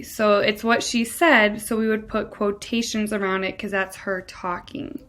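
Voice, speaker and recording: A woman's voice: medium pitch, level tone, unhurried, hardly any pauses, a bit bright. A woman teacher giving a recorded grammar lesson, walking through each rule step by step and starting many sentences with "so.".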